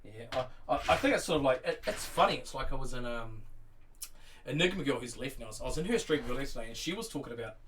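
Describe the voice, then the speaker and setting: A New Zealand man chatting loosely on a live stream, full of ums and restarts. His mid-pitched voice sits a little back from the mic. A faint hiss runs under the recording. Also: expressive, quick pace, fairly bright tone, recorded from a distance. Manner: rambling and friendly, many fillers and restarts, reads chat aloud. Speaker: Lego streamer. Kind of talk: casual live-stream chat. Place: home room full of Lego sets.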